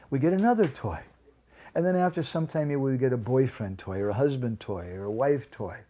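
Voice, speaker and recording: A man's voice: medium pitch, warm tone. A man giving a devotional lecture at a home program, telling a story and asking the audience questions.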